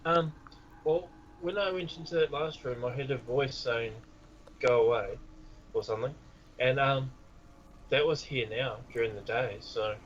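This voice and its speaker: A man in a tabletop game speaks casually, pausing with fillers now and then. His voice comes through somewhat dull and lo-fi. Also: medium pitch, a bit bright, slight background noise. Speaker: player.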